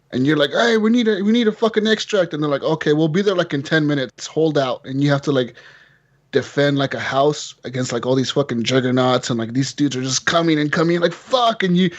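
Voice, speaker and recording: A man hosting a casual gaming podcast, loose and profane. He laughs between lines and tells game stories with animated energy. The recording is a little dull and lo-fi. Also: mid-range voice. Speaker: podcast host. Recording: slightly dull lo-fi audio.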